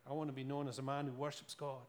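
A man's voice: medium pitch, level tone, quick pace. Earnest Scottish man preaching. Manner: earnest, storytelling, with rhetorical questions and laughs. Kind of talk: sermon.

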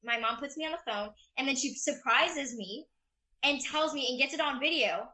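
Gushing, bright-voiced young actress. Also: female voice, sits high, normal speed. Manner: bubbly, gushing, full of fillers. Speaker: actress being interviewed. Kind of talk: casual interview chat.

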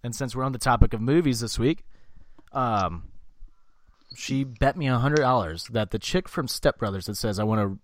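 A man's voice: mid-range voice, moderate pace, a little hiss or hum. Young man telling stories, swearing. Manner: swearing storyteller, acts out quotes loudly. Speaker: podcast co-host. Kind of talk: casual chat.

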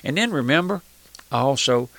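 An older man preaching a fervent radio sermon in a folksy, impassioned way, swinging from loud outbursts to hushed appeals. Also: medium pitch, animated, moderate pace, gravelly, no echo. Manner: impassioned, folksy, calls out "my friend", surges loud then drops soft.

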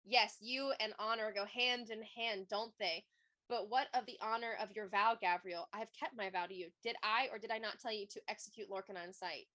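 A woman reading aloud the lines of an ancient, cold, scheming Fae queen in a quiet, measured voice. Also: mid-range voice, fairly even intonation, natural voice. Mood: cold, mocking.

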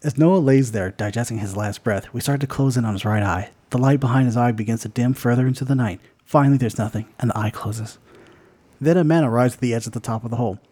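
A man's voice: medium pitch, fast talker, dark tone, breathy edge. Joking, profane male podcast host. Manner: joking, profane, laughs mid-sentence. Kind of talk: casual chat, telling a made-up story.

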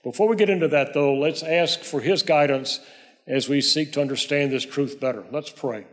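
Male pastor, conversational measured sermon delivery, reverberant church. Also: a little high, fairly bright tone. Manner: measured, conversational preaching with prayer.

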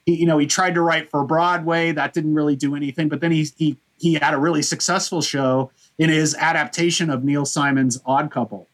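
A man's voice: a little high, fairly even intonation, fairly quick, hardly any pauses, a bit bright. A man hosting a podcast, casually rambling through a history with lots of "you know" fillers. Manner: rambling, many fillers and restarts. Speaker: podcast host. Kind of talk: casual chat, historical overview.

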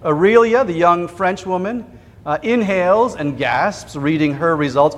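Pastor telling a story in a reverberant church. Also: male voice, sits high. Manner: vivid retelling with quoted voices and dramatic pauses. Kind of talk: sermon storytelling. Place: church sanctuary.

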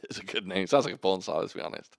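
A man co-hosting a casual podcast chat about films, animated and swearing freely, laughing easily. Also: low voice, fast, vocal fry, no echo, clean studio sound. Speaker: podcast co-host.

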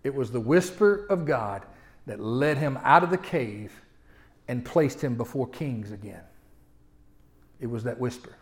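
A male pastor, preaching a folksy sermon that swings from loud to hushed and often repeats his opening words. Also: mid-range voice, expressive, a little slow, pauses often. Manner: repeats words when starting sentences.

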